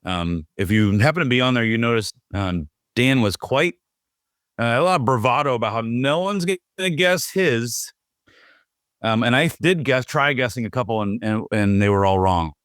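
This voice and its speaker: A man co-hosts a podcast in a medium-pitched, slightly bright, clear and resonant voice, with lively intonation and a moderate pace. The recording is dry and studio-quality. He jokes around and teases his co-host, full of ums, fillers and restarts.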